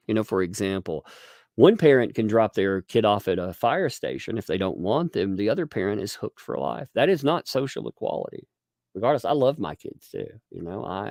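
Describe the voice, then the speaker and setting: A man with a low, gravelly voice hosts a casual livestream and talks in a rambling, animated way. His pitch swings widely as he restarts sentences, and the sound is close and dry. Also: no echo. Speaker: livestream host reading viewer donations.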